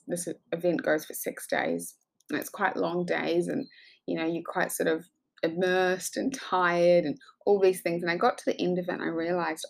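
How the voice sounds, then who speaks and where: A woman coach telling a personal story in an effusive, animated way, acting out the dialogue as she goes. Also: fairly low pitch, vocal fry. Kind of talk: motivational storytelling monologue.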